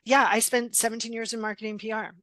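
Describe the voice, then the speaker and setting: Blunt, animated middle-aged woman with a slightly high voice and dry close sound. She tells stories in a lively way and acts out the voices of people she quotes, laughing often. Her sound is close and dry, with almost no room echo. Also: fast talker. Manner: blunt, direct. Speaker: guest, intuition coach. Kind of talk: casual podcast interview storytelling.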